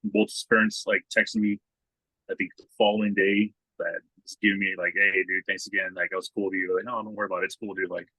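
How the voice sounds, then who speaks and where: A man's voice: sits low, little pitch movement, fast talker, pushed and bright, breathy edge, dry recording, poor audio. A man co-hosting a podcast in casual chat, laid-back and swearing often, raising his voice when he quotes people. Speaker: podcast co-host.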